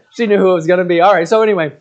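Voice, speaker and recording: Lo-fi recording of a high-voiced preacher in his forties. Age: 40s. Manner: conversational and joking, with many restarts and asides to the congregation. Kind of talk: sermon. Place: church.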